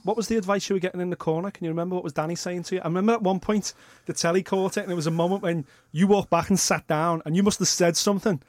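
A male talk radio host with a fairly high voice who speaks fast and with animation. He stacks several questions on top of each other. The studio sound is dry and close. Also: fairly even intonation, dry recording.

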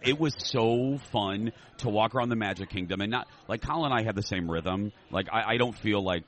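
Deep-voiced man co-hosting a chatty podcast. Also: brisk, hardly any pauses, fairly bright tone. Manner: chatty, joking, rambling. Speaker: podcast co-host. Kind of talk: casual chat. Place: themed restaurant. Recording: recorded on location in a restaurant.

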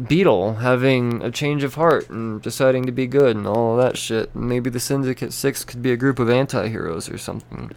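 A man's voice: medium pitch, clear, resonant tone. A man hosting a comic book podcast in a rambling, profane, casual review style. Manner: rambling, swearing, laughing.

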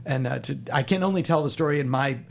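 A man in his fifties, a stand-up comedian, chatting as an interview guest in a halting way with many restarts. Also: medium pitch, creaky, a little hiss or hum. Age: 50s. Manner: halting, full of restarts and fillers. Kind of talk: casual interview chat.

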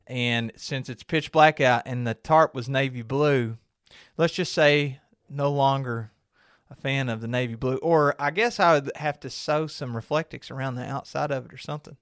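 A man's voice: medium pitch, moderate pace, fairly bright tone, clear, resonant tone, dry recording, clean studio sound. A man co-hosting a casual outdoors podcast, telling rambling stories and laughing often. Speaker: podcast co-host. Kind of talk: casual chat.

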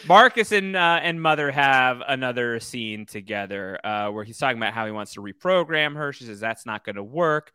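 A man hosting a podcast in casual recap chat, jokey and animated. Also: mid-range voice, moderate pace, few pauses, clear, resonant tone, no echo, clean studio sound. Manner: animated, jokey, acts out quotes. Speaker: podcast host.

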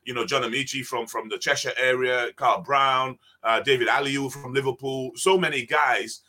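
Bright-voiced man telling stories. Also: mid-range voice, moderate pace. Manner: animated, acts out dialogue in the stories. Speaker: guest, former basketball player. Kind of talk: conversational storytelling.

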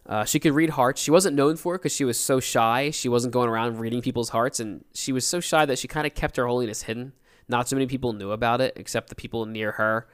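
A young man co-hosting a podcast, telling a story in a relaxed, chatty way. His voice is smooth and clear at an ordinary male pitch, and he slips into little voices for the people he quotes. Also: fast talker. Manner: animated storyteller acting out quotes. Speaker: podcast co-host. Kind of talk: casual storytelling chat.

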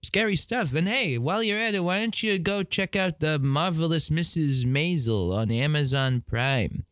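Man doing a low, dry tough-guy impression, deadpan, studio mic. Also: normal speed, dry recording. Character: male celebrity impression, gruff deep. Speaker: comedy podcast guest. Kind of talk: improvised comedy impression.

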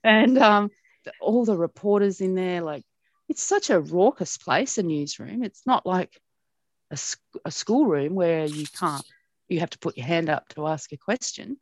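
A middle-aged Australian woman, a broadcast journalist, telling stories about her past in an animated way with frequent laughs. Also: on the low side, moderate pace, no echo. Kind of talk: reminiscing in an interview.

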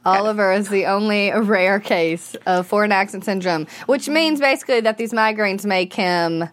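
A chatty woman leads a relaxed discussion of a TV show, her voice sitting at an ordinary pitch. She keeps the talk moving with her questions. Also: normal speed. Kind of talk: casual chat about a TV show.

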